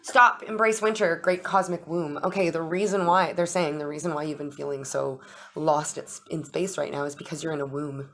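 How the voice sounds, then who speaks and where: This young woman runs an astrology and tarot channel, chatting in a deep, steady, slightly bright voice at a fairly quick pace. She's casual and freely profane, often playing out little dialogues.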